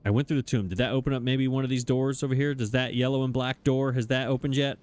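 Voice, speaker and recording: A man's voice: medium pitch, fairly even intonation, fast, a little mellow. A man commenting on his own gameplay, flustered and exasperated, talking to himself. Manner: frustrated, exasperated, talks to himself. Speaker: let's play gamer.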